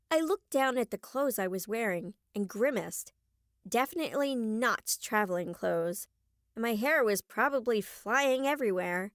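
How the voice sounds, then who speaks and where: A woman narrating a first-person young adult novel as an audiobook, clear and expressive on a close mic. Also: fairly high pitch, moderate pace, no room sound.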